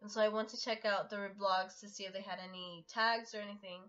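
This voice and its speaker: A young adult woman telling a personal story in a casual storytime vlog, halting and full of fillers. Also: mid-range voice, fairly even intonation, a bit bright. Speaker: art vlogger. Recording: dull lo-fi audio with faint music.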